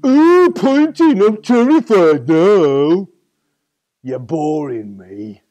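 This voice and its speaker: A man's voice: medium pitch, animated, takes it slowly, gravelly, a little mellow, breathy edge, exaggerated voice. A man voicing a mean, boastful male tiger in a told story, mocking and gloating.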